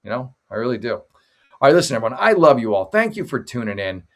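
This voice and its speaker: A man's voice: medium pitch, very animated, fast, fairly bright tone. A middle-aged man hosting a late-night livestream from his father's home office on a makeshift mic, rambling and joking as he thanks viewers by name. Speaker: livestream show host. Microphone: makeshift desk mic setup.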